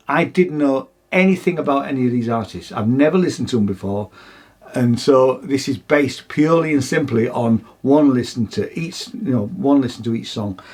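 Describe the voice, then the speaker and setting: A man's voice: mid-range voice, husky. A man, co-hosting a music podcast, chatting casually and giving opinionated takes. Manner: opinionated, chatty, frequent restarts. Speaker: podcast co-host. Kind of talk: casual chat.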